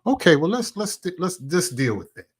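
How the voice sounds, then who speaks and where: A man vlogger delivering an angry, profane call-out rant, swinging from loud outbursts to low muttering and eating as he talks. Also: sing-song, normal speed, husky. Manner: eats while talking. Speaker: commentary vlogger.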